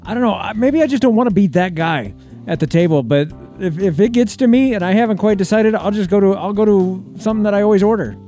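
A man co-hosting a casual show, chatting and dropping quick joking asides. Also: high voice, animated, dark tone, faint music behind. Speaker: co-host. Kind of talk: casual chat.

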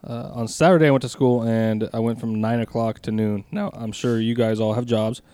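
A man trades rambling stories on a casual podcast, cursing freely and breaking into laughter. His voice sits at an everyday middle pitch. The sound is dry and close, with no room around it. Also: steady tone, a little fast, mellow, smooth, dry recording. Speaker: podcast co-host. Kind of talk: casual storytelling chat.

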